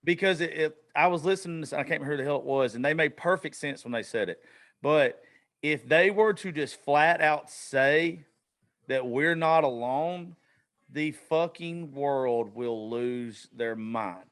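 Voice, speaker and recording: A man hosting a podcast who chats casually in an excitable, profane way, throwing in quick asides. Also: fairly high pitch. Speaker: podcast host. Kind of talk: casual chat.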